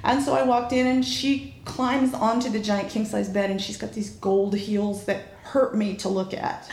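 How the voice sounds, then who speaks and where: A woman guest telling a frank story in a casual chat, animated and quick to laugh. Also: mid-range voice. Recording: echoey room, faint noise.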